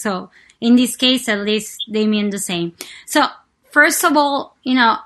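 A woman's voice: on the high side, unhurried, a bit bright. A woman interviewing a filmmaker for a festival radio, asking curious, prompting questions.

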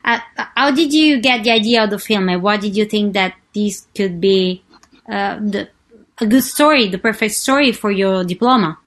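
A woman's voice: medium pitch, normal speed. A woman interviewing a filmmaker for a festival radio, asking curious, prompting questions.

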